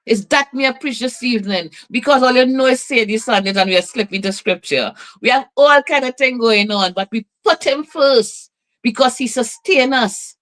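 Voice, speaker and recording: Woman, radio host, preaching cadence, slightly high voice. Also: fairly bright tone, low-quality recording. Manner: slow, rhythmic preaching cadence with drawn-out phrases. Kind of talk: preaching on live broadcast.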